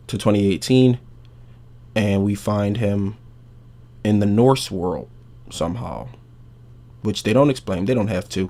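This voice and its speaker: A man hosting a podcast, recapping a game's story in a casual, profane, animated way. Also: lowish voice, creaky. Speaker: podcast host.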